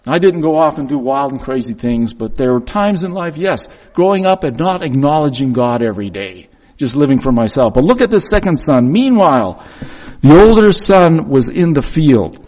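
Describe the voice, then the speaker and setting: A man's voice: fairly high pitch, a little mellow, poor audio. A man preaching a reflective, confessional sermon, reading scripture and acting out the voices in it.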